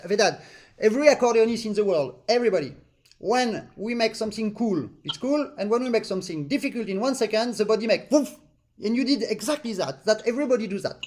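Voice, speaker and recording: A man's voice: high voice, lively intonation, brisk, soft background music. A man teaching an accordion master class in an online lesson, earnest and demonstrative, repeating points to stress them and singing rhythms in syllables. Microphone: online lesson stream.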